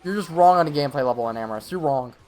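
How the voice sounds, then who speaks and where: A man commentating his own live gameplay stream, talking to himself and the game with quick reactions. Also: fairly high pitch, lively intonation, darkish tone, faint music behind.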